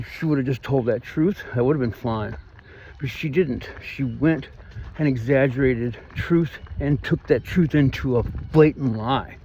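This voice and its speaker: A man's voice: mid-range voice, darkish tone, slight background noise. A man with a Missouri twang venting in a rambling, aggrieved vlog monologue. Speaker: vlogger.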